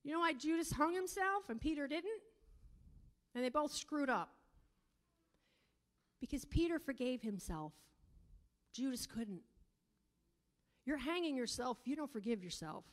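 A woman teaching a sermon on God as father, preaching emphatically and drawing out key words slowly, sometimes breaking into tongues. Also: high voice, lively intonation. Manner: emphatic preaching, rising to near-shouting; speaks in tongues at times. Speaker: prayer teacher.

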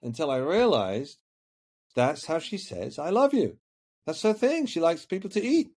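A man's voice: fairly high pitch, very animated, moderate pace, darkish tone. A man talking as a coaching guest on a podcast, earnest and reflective, often repeating words while he finds his point. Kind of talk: podcast conversation.

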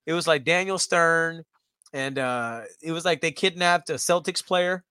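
Bright, eager man chatting casually. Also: on the high side, measured pace, clear, resonant tone. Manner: excitable, swears freely. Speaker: podcast co-host. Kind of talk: casual chat.

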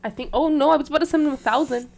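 A woman's voice: high voice, rapid-fire, vocal fry, a little mellow. A young woman co-hosting a podcast in casual chat, giggly and flustered, protesting with laughs. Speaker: podcast co-host.

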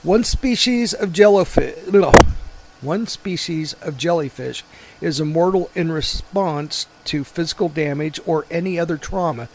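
A man's voice: fairly high pitch, measured pace, slight background noise. A man co-hosting a podcast, rambling through casual banter and swearing as he retells movie scenes. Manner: rambling, swears, quotes movie lines in funny voices. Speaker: podcast co-host.

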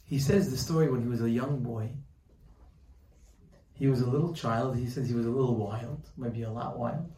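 A man giving a Torah lesson, telling a story with lively quoted voices. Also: mid-range voice, moderate pace, echoey room, recorded from a distance, slight background noise, poor audio. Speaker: Torah teacher. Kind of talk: sermon with storytelling.

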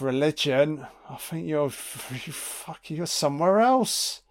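A man giving a casual watch-along film commentary, full of excitable, profane reactions. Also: medium pitch.

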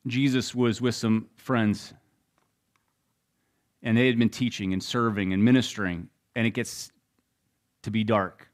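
A man's voice: fairly low pitch, fairly even intonation, unhurried, pauses often. Man preaching a storytelling sermon. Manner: storytelling, swings between loud and hushed. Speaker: pastor.

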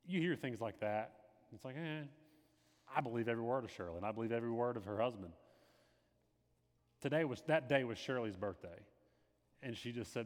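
An earnest man tells a personal faith testimony in a sermon-like way. He repeats key phrases and swings between hushed, quiet lines and emphatic bursts. His voice sits at an ordinary pitch and carries a long hall reverb. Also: brisk, pauses often. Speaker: lay speaker giving a testimony.

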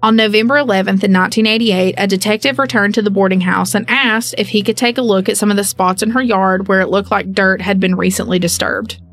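A woman's voice: mid-range voice, fairly even intonation, fast talker, few pauses, a bit bright. Woman telling a true-crime story casually. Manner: reads case details, then jokes and acts out people with playful asides. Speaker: podcast co-host.

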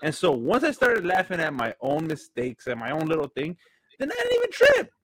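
A young man co-hosting a podcast, chatting casually in English and Spanish and acting out falls with sudden shouts. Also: on the high side, a little fast, a little hiss or hum. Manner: animated, switches between English and Spanish, acts out falls with shouts. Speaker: podcast co-host. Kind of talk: casual chat.

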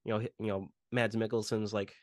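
A man's voice: fairly low pitch, level tone, brisk, no echo, clean studio sound. A man casually retelling film scenes on a podcast, rambling with lots of fillers. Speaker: podcast host. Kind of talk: casual movie podcast chat.

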